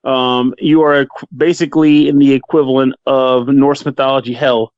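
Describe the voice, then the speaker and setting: A man co-hosting a podcast, chatting casually and reviewing games with animated, joking rants. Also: medium pitch, moderate pace, clear, resonant tone, dry recording, highs cut off. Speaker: podcast co-host, game reviewer. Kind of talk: casual chat.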